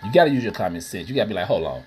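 A man's voice: on the low side, animated, rapid-fire, darkish tone. A man hosting a podcast, ranting casually and profanely while addressing listeners as y'all. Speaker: podcast host. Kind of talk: casual solo rant. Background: music playing.

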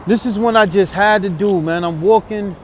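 A man with a New York accent hosts a podcast while he walks outdoors through the city. He speaks in a fairly high voice, with emotion and street slang, and keeps circling back over his own phrases. Faint traffic and street noise run underneath him. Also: normal speed. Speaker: podcast host. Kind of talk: walking monologue podcast.

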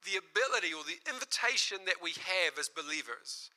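A man preaching a sermon, telling a story with lively acted-out quotes and frequent laughter. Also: sits high, fairly quick, poor audio. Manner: animated storyteller, acts out quoted voices and laughs often.

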